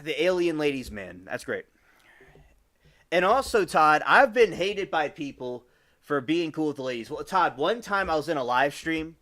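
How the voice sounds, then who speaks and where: A young man in his twenties with a slightly high voice, chatting loosely to his live-stream audience. He rambles, restarts his sentences and breaks off to greet viewers by name. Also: big pitch swings, moderate pace, pushed and bright. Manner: addresses chat viewers by name.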